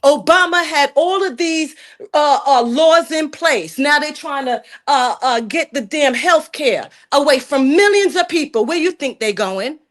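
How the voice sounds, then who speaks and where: Arguing emphatically in a heated call-in, a middle-aged woman from Jamaica repeatedly calls the host "sir" with clear indignation. She has a high, slightly bright voice, lively intonation, and a measured pace.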